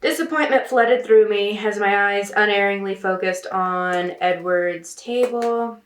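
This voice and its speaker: A woman's voice: medium pitch, unhurried. A woman writer reading a novel aloud and breaking in with sarcastic, snarky commentary in casual talk. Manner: sarcastic, snarky asides between read passages. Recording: echoey room with faint noise.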